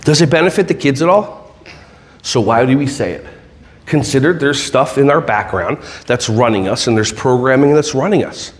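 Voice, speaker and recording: A man giving a lively, joking keynote talk to a conference audience, drawing them in with questions and then guiding them through slow breathing. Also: mid-range voice. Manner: animated, jokey, audience-involving; slow soothing breath-work guidance. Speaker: keynote speaker.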